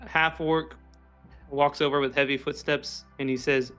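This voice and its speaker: Guy running a tabletop game on stream, bright highish voice, faint music behind. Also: level tone, unhurried. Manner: casual, descriptive, laughs often. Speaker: game master.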